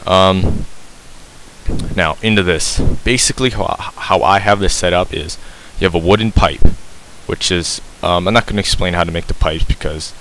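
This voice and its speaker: A man's voice: low voice, normal speed, a bit bright, a little hiss or hum, low-quality recording. A man giving a casual game tutorial, rambling and correcting himself with lots of ums, breathing heavily into a cheap mic held very close to his mouth.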